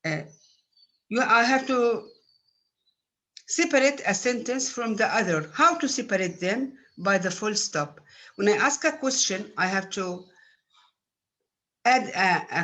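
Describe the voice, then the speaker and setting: A woman teaches at an unhurried, deliberate pace, pausing often on fillers as she explains. Her voice sits at an ordinary middle pitch, and her speech has the patient manner of a recorded university lecture. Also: a bit bright.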